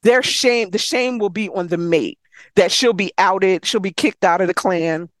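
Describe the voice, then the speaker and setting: A woman casually retelling a novel's plot, animated, swearing freely and slipping into quick voices for the characters. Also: mid-range voice, no room sound, clean studio sound. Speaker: book recapper.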